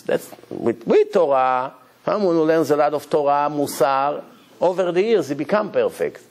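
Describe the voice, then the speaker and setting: Gravelly, animated rabbi lecturing. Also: male voice, fairly high pitch, normal speed. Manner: animated storytelling, nonnative English grammar.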